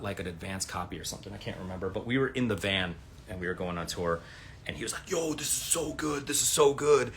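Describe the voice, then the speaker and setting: This livestream host, a man in his forties, speaks low over slight background noise. Broadcasting from home on a phone, he wanders from story to story, swearing freely and telling them with plenty of energy.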